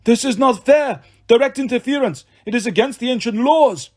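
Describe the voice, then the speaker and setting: A man voicing a vicious, vengeful male manticore monster that shouts threats in a high, strained voice. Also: moderate pace. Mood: snarling.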